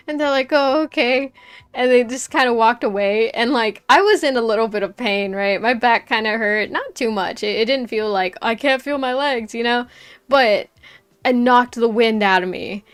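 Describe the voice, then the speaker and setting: A woman streamer telling a story in casual chat, animated, laughing often and full of fillers. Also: a little high, normal speed, clean tone, soft background music.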